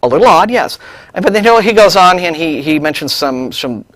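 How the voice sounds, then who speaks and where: A man co-hosting a studio talk show, animated and mocking as he reads out and takes apart an email. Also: fairly high pitch, a little fast, no echo. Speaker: co-host.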